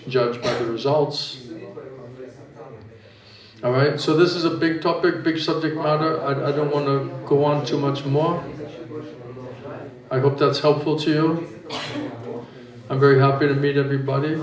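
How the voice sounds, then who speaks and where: A man giving an informal spiritual talk, answering questions in a chatty, joking way. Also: medium pitch. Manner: chatty, joking, conversational teaching. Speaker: spiritual teacher. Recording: echoey hall from far off, audience.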